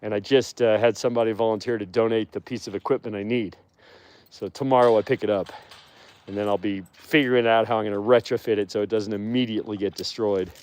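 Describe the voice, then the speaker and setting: Filmed on a handheld phone near the wolf enclosures, this sanctuary host rambles chattily and laughs easily. His voice is lowish and a little mellow, his intonation fairly even, and he talks fast.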